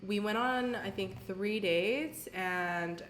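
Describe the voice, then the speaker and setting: A woman's voice: medium pitch, slow pace, roomy sound, a little hiss or hum. A woman in her twenties co-hosting a casual podcast, telling candid stories with plenty of laughs and swearing. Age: 20s. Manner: candid, animated storytelling with laughs and profanity. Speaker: podcast co-host. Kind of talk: casual chat.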